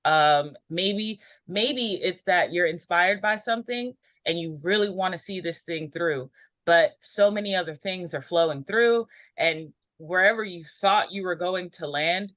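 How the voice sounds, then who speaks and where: A woman giving an intuitive numerology reading in a casual group chat, meandering and filling pauses with ums. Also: fairly low pitch, a bit bright, no room sound. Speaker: numerology reader.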